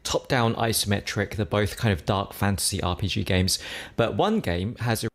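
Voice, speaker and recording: A man's voice: fairly low pitch, moderate pace. A man reviewing a video game in a dismissive, complaining way. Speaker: game reviewer in a played clip.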